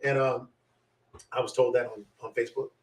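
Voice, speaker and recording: A man's voice: medium pitch, level tone, a little fast. A man from Michigan, a guest telling a story with emphasis, repeating phrases and laughing between his points. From Michigan, USA. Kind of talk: animated storytelling in a conversation. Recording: roomy sound from a distant mic.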